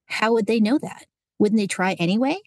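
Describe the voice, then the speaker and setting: A woman voicing an upset young girl who is earnest and close to tears, her voice pitched high and pleading. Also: normal speed, a little mellow, no echo, natural voice. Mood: indignant.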